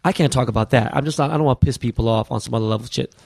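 A man from the US West Coast, a podcast guest, telling stories in an animated, profane, slang-heavy way. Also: medium pitch, very fast, vocal fry, no echo, studio quality. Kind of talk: casual storytelling interview.

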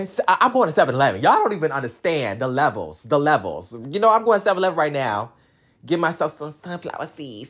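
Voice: medium pitch, husky. A vlogger in casual, sassy chat to camera, rambling and teasing the audience, with bits of singing. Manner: breaks into snatches of song.

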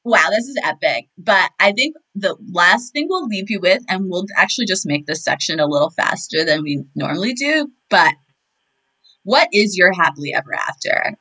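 Bright-voiced podcast co-host, bouncy pitch, lots of quick yeahs. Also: female voice, poor audio. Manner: animated, affirming with quick "yeah"s. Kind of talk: casual chat.

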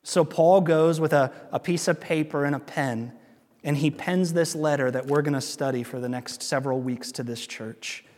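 A male pastor preaching in a loose, conversational manner, hammering his main points through repetition. His voice sits a little higher than most men's, and a long reverb trails each phrase as if he is in a large hall. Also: normal speed, a little mellow. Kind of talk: sermon.

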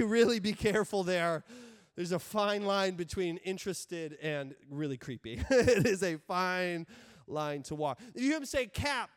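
A man's voice: high-pitched, clear, resonant tone. A man in his thirties preaching a humorous sermon, acting out exasperated quotes with lots of energy. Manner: animated, acts out exasperated quotes. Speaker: pastor.

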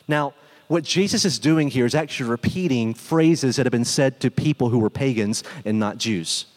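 Male preacher, high voice, casual animated delivery, long hall reverb. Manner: conversational, animated, acts out quotes. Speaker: pastor. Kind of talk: sermon.

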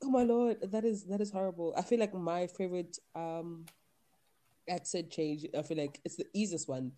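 A young woman hosting a casual chat, excitable and loud, swearing and laughing often. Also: fairly low pitch, moderate pace. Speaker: podcast host.

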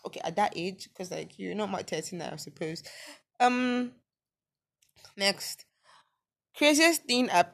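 A young woman with a Nigerian accent hosting a casual solo podcast, reading listener messages and reacting with disbelief and laughter. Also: medium pitch. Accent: Nigerian, Yoruba-inflected. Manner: animated, incredulous reactions with frequent laughter and exclamations. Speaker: podcast host.

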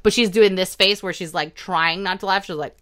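Young woman podcast cohost, bright voice, laughs a lot, does silly high quote voices. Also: fairly even intonation, a little fast. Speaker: podcast co-host. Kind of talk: casual chat reviewing a comedy show.

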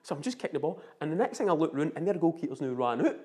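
Brief: middle-aged Scottish man, slightly high voice, lively storyteller who laughs a lot. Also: rapid-fire. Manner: animated, laughing often. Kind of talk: casual storytelling.

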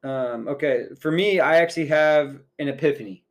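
A man's voice: a little high, moderate pace. A man co-hosting a podcast, chatting casually and rambling through a story with many fillers. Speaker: podcast co-host.

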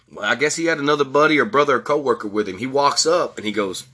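Guy in his 40s ranting on his podcast, bright husky voice, cusses a lot. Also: medium pitch, lively intonation, fast. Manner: blunt, profane storytelling. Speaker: podcast host. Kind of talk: heated monologue.

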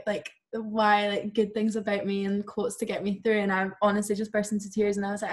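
A young woman, telling a story in casual podcast chat, gushing and filler-heavy. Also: mid-range voice. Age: young adult. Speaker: podcast co-host. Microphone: remote video call.

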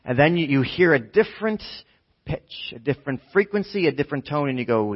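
A man preaching a conversational sermon, talking casually, often asking "right?" and swinging from hushed tones to near shouting. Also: mid-range voice, quick pace, husky. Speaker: pastor. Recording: dull lo-fi sound.

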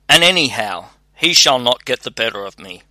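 A man voicing a clever, self-assured young scholar who calmly reassures his father in a storybook reading. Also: mid-range voice, normal speed, no room sound. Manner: calm, reassuring.

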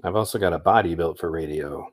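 A man's voice: sits low, fast. A man hosting a livestream in a rambling, upbeat, chatty way. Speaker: livestream host. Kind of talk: casual livestream chat.

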